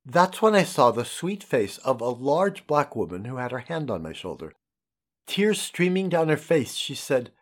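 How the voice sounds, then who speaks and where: A middle-aged man narrating his own memoir as an audiobook, in an expressive, impassioned storytelling manner. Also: a little high, moderate pace. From United States.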